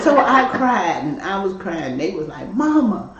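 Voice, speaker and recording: A woman's voice: fairly low pitch, sing-song, normal speed, dull audio, noisy background. A woman, a grieving mother telling a story in a casual group conversation, laughing often as she talks. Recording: roomy, distant mic, group around.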